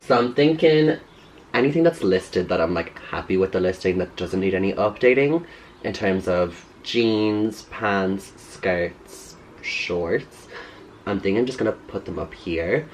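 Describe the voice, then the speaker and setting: Lively young man vlogging his closet. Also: low-pitched, measured pace, slight background noise. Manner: animated, exclamatory, laughs often. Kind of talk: casual chat. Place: bedroom at home.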